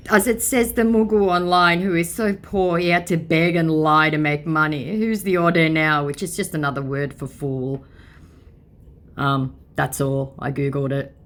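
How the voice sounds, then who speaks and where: A woman's voice: sits low, fairly even intonation, moderate pace. A woman scam baiter reading chat messages aloud with sarcastic, teasing commentary.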